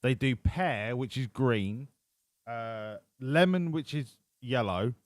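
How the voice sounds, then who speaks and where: A man's voice: mid-range voice, takes it slowly, dry recording. A man giving casual, sweary, joking commentary while live-streaming a racing management game.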